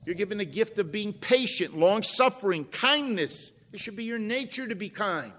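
A high-voiced man delivers a sermon, talking to his listeners conversationally and pressing them with rhetorical questions. He reads out scripture verses between his points. His voice trails off into a long reverb, as in a large hall. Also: lively intonation, normal speed, fairly bright tone. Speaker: preacher.

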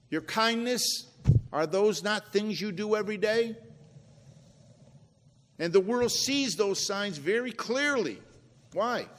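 A man's voice: high voice, in a large hall. A man preaching a sermon in a conversational way, asking rhetorical questions and quoting scripture verses.

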